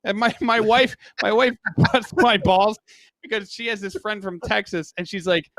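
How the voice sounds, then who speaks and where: Man, podcast co-host, storytelling, self-mocking, animated, high voice, dry sound. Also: moderate pace, dry recording. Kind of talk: casual podcast chat.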